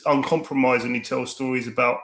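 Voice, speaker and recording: A man's voice: medium pitch, fairly even intonation, brisk, a bit bright. A middle-aged British man, a guest filmmaker, talking earnestly in a casual interview and repeating words at the starts of phrases. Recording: echoey room.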